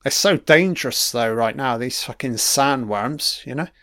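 A man talking over a film in a slow, unhurried way, his voice smooth and clear. He mocks what he watches in crude terms and swears constantly. The sound is close and dry, with no room around it. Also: medium pitch, a bit bright, no room sound. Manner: crude, mocking, heavy swearing. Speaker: film commentator. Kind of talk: profane running film commentary.

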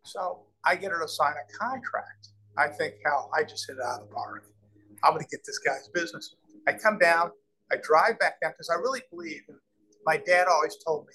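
A man's voice: on the high side, normal speed, a little hiss or hum, poor audio. A man in his sixties from Omaha, a guest telling a long business story in an interview and acting out the dialogue as he goes. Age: 60s. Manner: animated storyteller, acts out quoted dialogue. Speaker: real estate developer, guest.

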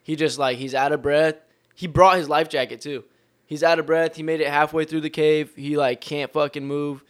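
A man's voice: fairly high pitch, steady tone, moderate pace. A man, a jet ski tour guide chatting in a laid-back, slangy way. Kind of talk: casual podcast chat.

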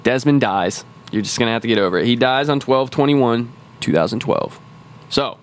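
Speaking at a moderate pace in a mid-range voice, a man co-hosting a podcast explains a game's story at length. It's casual chat, rambling and profane, with frequent restarts.

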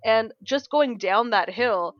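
A young woman co-hosting a podcast, telling a story in a casual, animated way, swearing often and acting out what people said. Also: fairly high pitch, slow pace. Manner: animated storyteller, swears a lot, acts out quotes. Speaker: podcast co-host. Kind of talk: casual chat. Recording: dull lo-fi sound.

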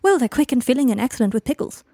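Wry grieving young guy, read by a woman, dry sardonic jokes, fairly high, dead dry sound. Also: lively intonation, rapid-fire, mellow, husky, dry recording, heavily acted. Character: wry grieving young man, self-mocking.

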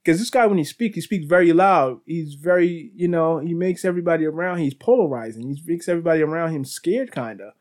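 A man's voice: fairly high pitch, fairly quick, few pauses, a little mellow. A man hosting a podcast, telling casual stories in a rambling way with restarts, laughter and "bro". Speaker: podcast host. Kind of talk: casual storytelling.

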